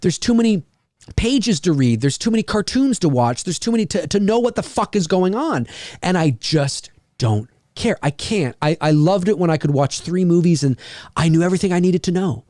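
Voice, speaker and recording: A man hosting a podcast, talking in a casual, animated, rambling way, repeating words and swearing often. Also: high-pitched, moderate pace, dry recording, clean studio sound. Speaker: podcast host. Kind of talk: casual chat.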